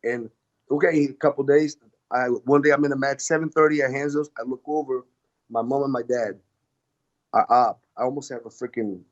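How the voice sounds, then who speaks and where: A man at a middling pitch tells a story in casual, animated fashion. He rambles, restarts often and swears freely. The audio sounds a little dull, like a modest podcast recording. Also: moderate pace. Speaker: guest, martial arts coach.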